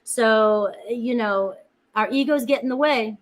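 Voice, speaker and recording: A woman's voice: fairly high pitch, unhurried, poor audio. A woman chatting casually with viewers while giving a tarot reading, calling out each sign and greeting people by name. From Florida, USA. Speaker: tarot reader.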